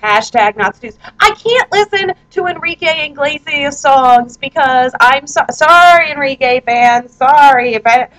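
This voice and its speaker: Young woman vlogger, fairly high voice, loose rambling chat, jokey and self-deprecating, recorded at home on a handheld recorder. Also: measured pace, few pauses, fairly bright tone, poor audio. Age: 20s. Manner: rambling, chatty and self-mocking. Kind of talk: casual chat reading out her own posts. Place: her apartment, indoors.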